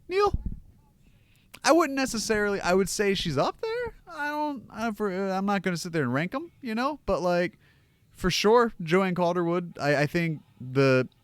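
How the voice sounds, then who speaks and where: Streaming from his home room, a young American guy rambles and rants through a casual watch-along, cursing freely. His voice sits a little high. There's no echo on the audio.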